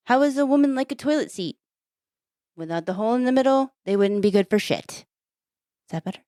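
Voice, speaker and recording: A woman with a mellow, dark-toned voice reads joke after joke in a flat, matter-of-fact way, barely lifting the punchlines. She sounds dry and close on a podcast mic. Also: a little high, brisk, pauses often, no room sound. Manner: flat, unenthusiastic joke delivery. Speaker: podcast host. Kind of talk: casual chat, reading jokes aloud.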